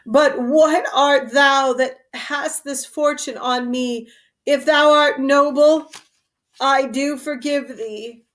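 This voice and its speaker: A woman reading the part of a defeated, dying schemer, in a measured and resigned verse reading. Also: high-pitched, steady tone, a bit bright.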